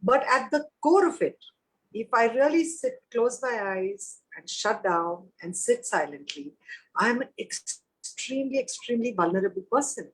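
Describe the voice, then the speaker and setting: A woman's voice: on the high side, animated, normal speed, rough recording. A woman in her fifties as an interview guest, speaking frankly and reflectively and repeating phrases for emphasis. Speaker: guest, actor and mother. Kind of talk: candid interview conversation.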